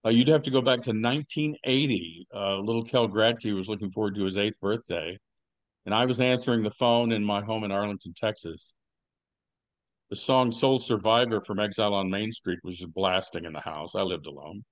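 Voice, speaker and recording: An older man hosting a podcast, telling rambling stories with deadpan jokes and lots of fillers. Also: on the low side, normal speed, no echo. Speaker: podcast host. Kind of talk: casual podcast chat.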